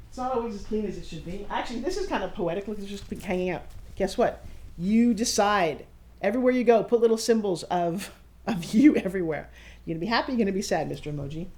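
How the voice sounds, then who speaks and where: A woman in her fifties giving a casual walking tour of her studio, excitable and showy, talking straight to the camera. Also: lowish voice. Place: her own studio and offices, indoors.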